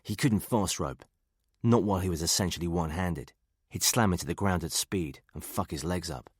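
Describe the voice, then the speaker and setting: A man reading a thriller audiobook in a steady, measured narration. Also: sits low, breathy edge, no echo, clean studio sound. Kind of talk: scripted narration.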